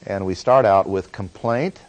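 A man's voice: deep voice, a little mellow, no room sound, highs cut off. Earnest male Bible teacher, dry sound. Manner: earnest teaching tone with frequent "uh" pauses. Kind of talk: Bible study lecture.

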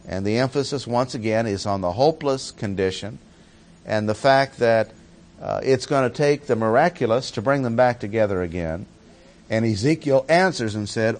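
A man's voice: mid-range voice, moderate pace. A man teaching through a Bible passage verse by verse, stressing key words by repeating them.

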